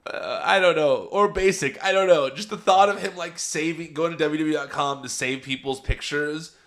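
A man's voice: on the high side, normal speed, fairly bright tone. A man giving a chatty, enthusiastic casual recap, rambling into asides as he goes. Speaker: wrestling show reviewer.

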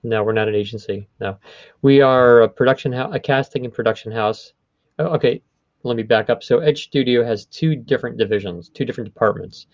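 A man's voice: mid-range voice, brisk, no echo. Man explaining voiceover work, dull sound. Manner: explanatory, rephrases and restarts often. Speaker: voice studio owner. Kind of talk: conversational interview.

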